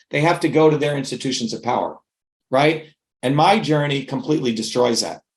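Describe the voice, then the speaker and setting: A middle-aged man giving an impassioned interview answer, talking emphatically and rhetorically and often checking in with the listener. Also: a little high. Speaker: interview guest.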